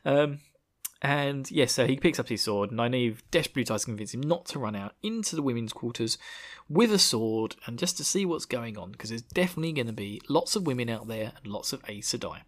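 A man's voice: mid-range voice, expressive, a little fast. A man recapping a story chapter in a casual, rambling way, with jokes and giggles. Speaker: podcast host.

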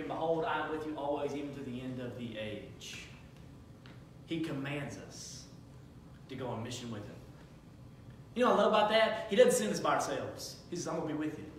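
A man in his thirties preaches a sermon, his voice high and bright. He moves from easy conversational talk to loud, shouted exhortation. The sound is distant and heavily echoing, with a faint hiss behind it. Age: 30s. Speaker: pastor. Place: church sanctuary.

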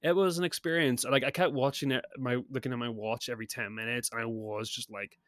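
A man's voice: mid-range voice, fairly even intonation, fast, a bit bright, no echo, clean studio sound. A man co-hosting a podcast, chatting casually about a film with frequent laughs and restarts, a bit sick. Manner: rambling, laughs often, many restarts. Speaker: podcast co-host. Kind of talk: casual film review chat.

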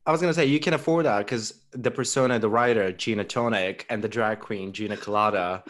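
A man's voice: lowish voice, brisk, fairly bright tone. A man hosting a podcast, chatting with his guest in a playful, enthusiastic way. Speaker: podcast host. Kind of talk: casual interview chat.

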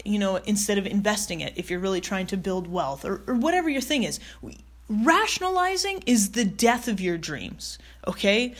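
A woman's voice: mid-range voice, very animated, normal speed. A woman giving a casual, emphatic motivational talk, speaking straight to the listener, piling up rhetorical questions and repeating her key phrases. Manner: emphatic, repetitive, direct address with rhetorical questions; casual with fillers and mild swearing.

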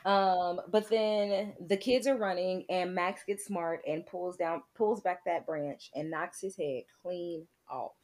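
A woman on a podcast walks through a movie scene by scene in loose, casual chat. She swears freely and retells the action with lively energy. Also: fairly low pitch, takes it slowly, few pauses. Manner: profane, animated scene retelling. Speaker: podcast co-host.

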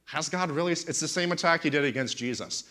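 Bright-voiced preaching man. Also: a little high, fairly quick. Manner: animated storytelling, emphatic and indignant. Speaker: pastor. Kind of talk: preaching on a talk show.

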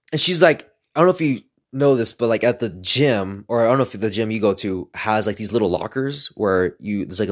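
A young man casually telling personal stories in a rambling, profane way, getting animated as he retells them. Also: on the low side. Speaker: speaker sharing personal stories. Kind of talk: casual storytelling monologue.

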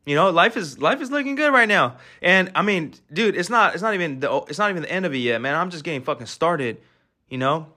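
A man's voice: a little high, animated, fast talker, bright, forceful tone. A man in his twenties hosting a podcast, talking in a brash, profane, hyped-up monologue full of fillers. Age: 20s. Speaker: podcast host. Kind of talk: casual motivational monologue.

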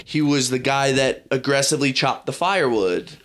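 A man hosting a podcast in casual chat, telling stories in an animated way and swearing freely. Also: medium pitch, normal speed, slight background noise. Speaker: podcast host.

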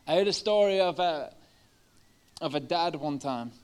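A man's voice: on the high side, lively intonation, unhurried, clean tone. A man preaching a sermon in a church service, telling a story in a casual, conversational way with many fillers. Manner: conversational, lots of 'like' and 'uh'. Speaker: pastor. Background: live band playing soft guitar.

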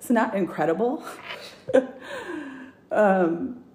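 A woman guest earnestly telling a personal faith story in casual, halting speech full of fillers and restarts. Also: medium pitch, expressive, darkish tone, a little hiss or hum. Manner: earnest, many fillers and restarts, gets emotional. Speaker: guest sharing testimony. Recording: roomy echo.

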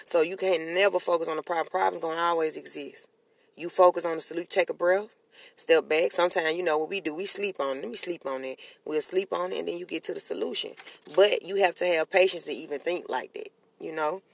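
A podcast host, talking in a casual, animated and preachy way, often repeating short affirmations. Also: mid-range voice, fast, gravelly. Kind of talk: casual chat.

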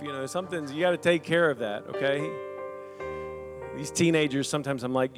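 A man preaching a lively sermon in a church. He reads scripture aloud and breaks into humorous asides to the congregation. A faint instrument plays softly behind him. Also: a little high, a little fast, music in the background. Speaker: pastor.

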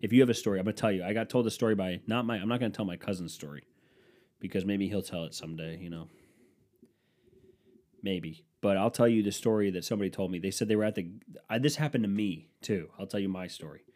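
A man with a stuffy nose doing a profane comedy rant at home, swinging between loud outbursts and low mutters. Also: fast talker. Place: room at home with a dehumidifier running.

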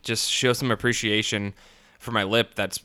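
Man, podcast host, rambling casual monologue, swollen lip, bright tone, smooth clear voice. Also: on the low side, level tone, moderate pace. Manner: rambling, many fillers and restarts, crude humor. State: swollen split lip and sore jaw.

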